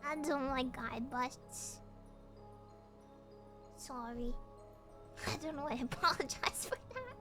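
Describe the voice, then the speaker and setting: A woman's voice: high-pitched, slow pace, long pauses, music in the background. A young woman VTuber chatting casually on stream, playful and giggly as she reacts to her chat.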